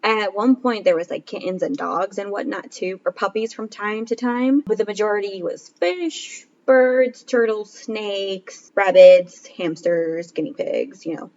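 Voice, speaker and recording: A woman's voice: medium pitch, unhurried, hardly any pauses, a little mellow, lo-fi sound. A woman in her twenties, a podcast co-host telling a story in a casual chat. She talks with animation, laughs often and acts out what others said. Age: 20s.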